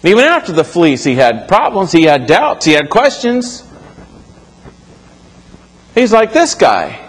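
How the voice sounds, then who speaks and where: A pastor with a high voice delivers a sermon to his church congregation, taking his time while his pitch swoops wildly. His delivery is conversational and full of self-corrections, captured in the echoing acoustics of the sanctuary.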